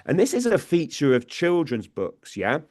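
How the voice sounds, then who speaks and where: A man's voice: a little high, wildly swooping pitch, normal speed, darkish tone. A British man, a guest researcher, explaining ideas in conversation, thinking aloud with restarts and often checking with "yeah?".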